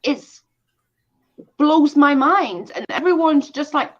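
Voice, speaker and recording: A woman's voice: high-pitched, animated, slow pace. A woman hosting a casual commentary stream, exasperated and emphatic, repeating her points. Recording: dull lo-fi stream audio.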